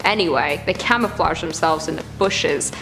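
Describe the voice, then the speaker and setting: A woman's voice: sits low, moderate pace, music in the background. A woman hosting a reaction video, chatting casually and groaning in disgust as she rambles. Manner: squeamish, exclaiming, rambling.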